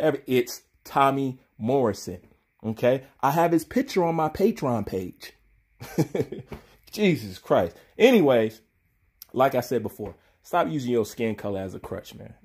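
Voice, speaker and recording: A man's voice: medium pitch, darkish tone, breathy edge. A man delivering a taunting, profane call-out rant to the camera as a YouTuber.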